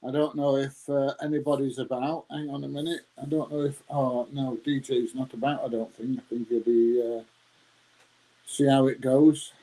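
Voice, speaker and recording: A man's voice: mid-range voice, little pitch movement, normal speed, dark tone, low-quality recording. A man, rambling casually as he answers his viewers' live chat and calling them mate. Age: 60s. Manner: rambling, chatty, laughs often, says mate.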